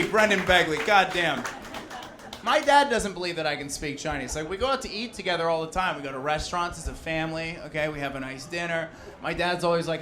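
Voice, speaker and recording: A man's voice: fairly high pitch, animated, fast, bright, forceful tone. A young adult man performing a brash, profane stand-up set and working the crowd. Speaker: stand-up comedian. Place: basement of a loud bar. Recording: live crowd in a bar basement. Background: laughing audience.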